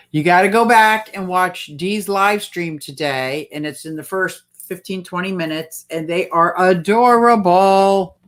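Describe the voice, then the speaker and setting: A woman hosting a casual livestream, chatting and reading out viewer comments. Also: mid-range voice. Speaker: livestream host.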